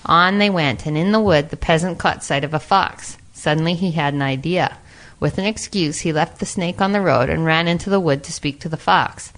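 Brief: woman storyteller, slightly low voice, even storybook narration. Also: moderate pace. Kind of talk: storybook reading aloud.

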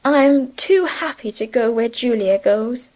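A woman's voice: a little high, measured pace, darkish tone, lightly acted. A woman reading the part of a timid, dramatic schoolgirl who gushes over small troubles, in a raised voice. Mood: gushing. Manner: dramatic, gushing. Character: timid, food-loving schoolgirl, young woman. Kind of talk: audiobook character reading.

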